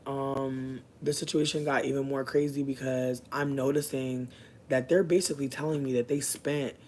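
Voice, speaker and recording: A young man telling a personal story in a casual, profane, slangy way, swinging from low asides to loud, animated outbursts. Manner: breaks off to talk to passersby.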